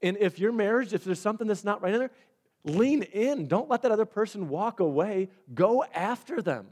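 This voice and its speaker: Lively, conversational male pastor. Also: high voice, moderate pace. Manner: animated, conversational, acts out dialogue. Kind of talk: sermon.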